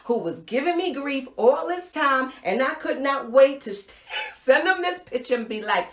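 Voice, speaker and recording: Animated woman telling a story. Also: high-pitched, normal speed, roomy sound. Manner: expressive, playful, swings loud and soft. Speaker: live show host and speaker.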